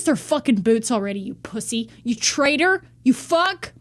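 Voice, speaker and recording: A woman's voice: high-pitched, lively intonation, fairly quick, hardly any pauses. A woman delivering a heated, profane rant to camera in a vlog monologue. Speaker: vlogger.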